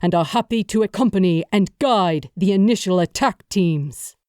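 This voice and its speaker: A woman's voice: mid-range voice, normal speed, darkish tone, dry recording, clean studio sound, close to an everyday voice. Woman voicing a fierce grieving warrior king. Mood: urgent briefing. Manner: urgent, rallying speech.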